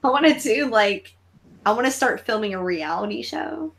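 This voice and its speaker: A woman's voice: fairly high pitch, normal speed, creaky, a little hiss or hum, poor audio. A woman hosting a live horror movie watch-along, chatting casually with lots of swearing and jokes. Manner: profane, animated and joking. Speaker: host.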